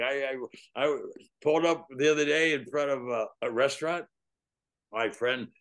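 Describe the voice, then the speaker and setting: An older man, a guest on a faith podcast, tells his stories with animated energy and frequent laughs. His voice sits in a middle pitch. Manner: animated, laughs often while telling stories. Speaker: guest evangelist. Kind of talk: storytelling testimony.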